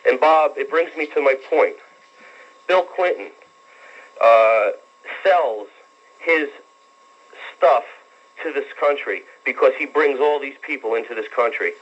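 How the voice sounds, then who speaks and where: A man in his twenties calling in to a talk radio show, earnest and rambling, with many halting fillers. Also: medium pitch. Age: 20s. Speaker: caller. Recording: dull lo-fi radio broadcast.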